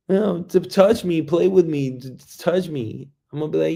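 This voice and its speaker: Man in his thirties, gravelly voice, rambling jokey solo talk, swears, sudden loud bursts. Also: a little high, fairly quick, hardly any pauses. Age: 30s. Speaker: host. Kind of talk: casual solo monologue.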